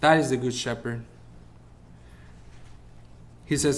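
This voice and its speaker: A man's voice: medium pitch, unhurried. Man preaching a sermon. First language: Spanish. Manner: searches for English words, rises when preaching.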